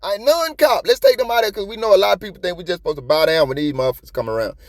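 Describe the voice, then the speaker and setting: A man giving casual, profane commentary on a police video in streetwise slang, animated and talkative. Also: high voice, racing, dry recording, clean studio sound. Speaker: copwatch commentator.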